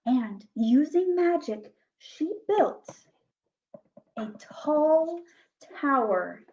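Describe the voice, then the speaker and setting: A woman reading fairy tales aloud at children's story time, slow and animated, dropping to soft whispers. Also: high voice. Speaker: children's librarian. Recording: dull lo-fi recording.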